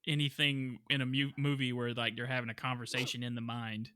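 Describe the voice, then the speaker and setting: A man's voice: mid-range voice, little pitch movement, a little fast, sharp tone, clear, resonant tone, dry recording, clean studio sound. A man co-hosting a podcast, chatting casually and jokily, sharing behind-the-scenes trivia. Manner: chatty, shares trivia, jokey. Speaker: podcast co-host. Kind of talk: casual movie review chat.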